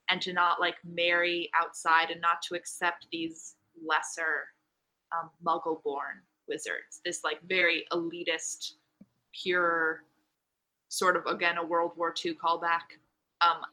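A woman chatting excitedly in a casual book club conversation, rambling with lots of fillers. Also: fairly low pitch. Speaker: book club podcast member. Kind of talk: casual chat.

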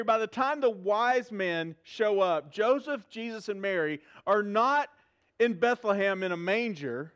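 Before a live church audience, a middle-aged man delivers a sermon as pastor, his voice extremely high in pitch. Lively and humorous, he keeps asking the congregation questions.

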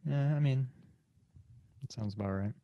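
A man's voice: medium pitch, normal speed, dry recording, highs cut off. A man co-hosting a casual gaming podcast, talking in a hesitant, hedging way. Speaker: podcast co-host.

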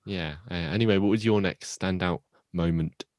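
A man's voice: deep voice, normal speed, darkish tone, no room sound. A man co-hosting a podcast, reviewing a TV episode in casual chat with dry, teasing jokes. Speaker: podcast co-host.

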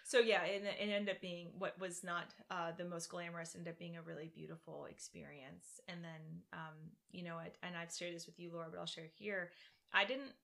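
A woman from Virginia, a podcast guest telling a personal story in casual interview talk, animated and laughing often. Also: lowish voice, moderate pace, vocal fry. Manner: animated, laughs often, acts out her own quotes. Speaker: podcast guest, practicing shaman.

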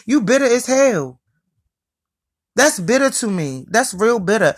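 A woman's voice: a little high, expressive, unhurried, a bit bright. A young woman in a casual, profane rant, blunt and mocking as she calls out her listeners.

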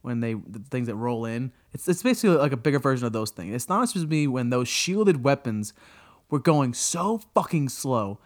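Exasperated man with a lively voice. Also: normal speed. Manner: exasperated, profane, jumps to high incredulous outbursts. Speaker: podcast co-host. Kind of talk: casual episode review rant.

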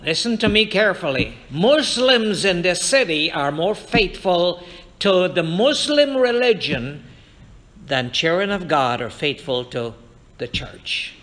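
A pastor in a church sanctuary gives an impassioned, unhurried sermon with big pitch swings, quoting scripture and speaking straight to the congregation. He has a bright, forceful voice that sits high for a man.

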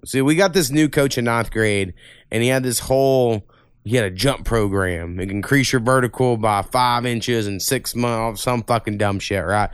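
A man's voice: medium pitch, moderate pace, smooth, no room sound, studio quality. A man hosting a podcast, telling long, profane stories in casual chat. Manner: profane, rambling storyteller. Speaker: podcast host.

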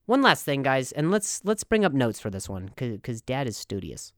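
A man hosting a comedy podcast, delivering an animated, mock-serious monologue full of stammers and restarts. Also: medium pitch, normal speed, no room sound, clean studio sound. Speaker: podcast host.

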